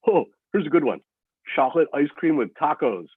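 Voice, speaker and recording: A man's voice: on the high side, big pitch swings, normal speed, breathy edge, no room sound, voice pushed up. A man reading a story aloud, voicing a sarcastic, mocking teenage boy who is a hospital patient, over a lo-fi phone-like line. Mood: teasing.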